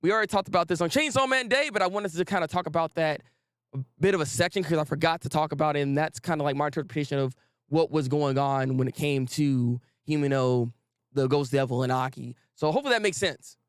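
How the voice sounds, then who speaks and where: A man hosting a casual anime talk stream, reading out viewer names and repeating himself with animated, slangy energy. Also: fairly high pitch, fast, clean tone, no echo, studio quality. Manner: animated, repetitive, slangy, greets chat viewers. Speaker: host.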